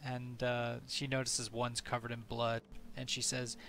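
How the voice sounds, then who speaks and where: A man narrating as game master of a tabletop game, relaxed with many fillers. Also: mid-range voice, a little slow.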